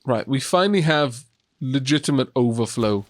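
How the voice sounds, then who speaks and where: A man's voice: mid-range voice, animated, moderate pace. A man hosting a co-op game let's play, chatting casually with dry sarcastic humor and frequent hesitations. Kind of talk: casual co-op gameplay chat.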